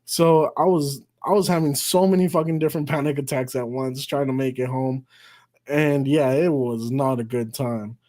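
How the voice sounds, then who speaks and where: A man's voice: mid-range voice, fairly even intonation, moderate pace, dark tone. A man hosting a live stream, telling a story in a casual, profane, rambling way and laughing at himself. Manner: profane and rambling, with frequent swearing and restarts; self-mocking, laughs at his own story.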